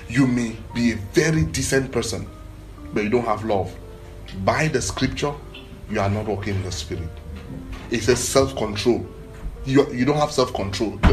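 Animated, emphatic male preacher. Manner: animated, emphatic preaching that swells in pitch and volume; repeats short phrases for emphasis. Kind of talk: sermon.

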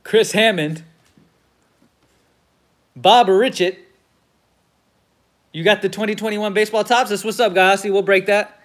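High-voiced man calling out card pulls. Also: steady tone, unhurried, pauses often, fairly bright tone. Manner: reels off player names, gets hyped at big pulls, swears casually. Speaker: host of a card break stream. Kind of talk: casual commentary while opening card packs.

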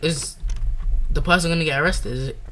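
A young man giving excitable, slangy let's play commentary and reading game text aloud. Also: fairly high pitch, a little fast. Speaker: gamer.

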